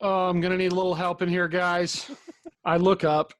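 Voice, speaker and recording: A man's voice: sits high, flat delivery, moderate pace, no echo, clean studio sound. A man playing a tabletop game, cheerful and talking through his moves. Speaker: player.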